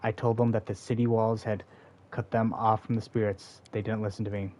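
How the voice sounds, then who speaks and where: A man's voice: fairly low pitch, flat delivery, a little fast, darkish tone, close to an everyday voice. A man reading aloud the lines of a proud, bitter forest seer who is a mother, in a stern, defiant, dismissive manner. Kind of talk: reading game dialogue aloud.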